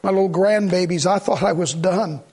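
A man's voice: high voice, normal speed, darkish tone, slight background noise. An older man preaching a funeral sermon, reading scripture aloud and repeating phrases fervently for emphasis. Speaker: pastor.

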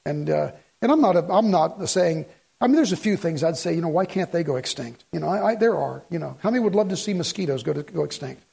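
A man's voice: on the high side, lively intonation, fast talker, creaky, a little mellow, husky. A man preaching a sermon to a congregation in a folksy, rambling way with joking asides. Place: church in front of a congregation.

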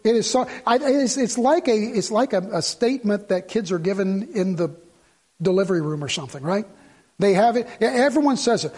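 A man's voice: high-pitched, animated, quick pace, darkish tone, breathy edge. A middle-aged man preaching a sermon, telling stories and building to fervent emphasis. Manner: storytelling, rising to fervent emphasis. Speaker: pastor.

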